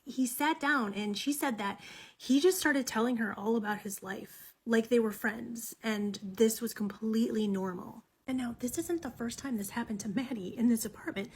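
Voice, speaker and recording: A woman telling a true creepy story in a casual, dramatic way, often dropping into hushed whispers and swearing freely. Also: fairly high pitch, husky.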